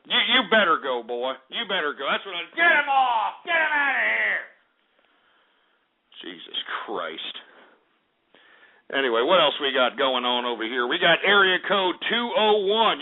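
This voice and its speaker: A man's voice: a little high, expressive, normal speed. A man hosting a call-in radio show, abrasive and profane, ranting at callers over tinny phone-like audio.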